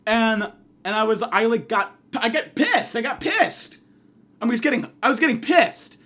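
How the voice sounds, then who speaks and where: A man's voice: extremely high pitch, lively intonation, normal speed, pushed and bright. A man doing a comedic monologue, ranting angrily and profanely, acting out the people he quotes.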